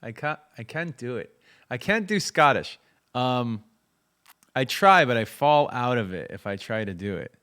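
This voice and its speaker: A man's voice: mid-range voice, lively intonation, measured pace, sharp tone, clear, resonant tone. A man streaming a live music jam, chatting casually with his viewers and muttering to himself as he fiddles with cables and keyboards in a home studio. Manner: rambling, muttering to himself while fiddling with gear; chats with viewers, self-deprecating. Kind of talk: casual livestream chat.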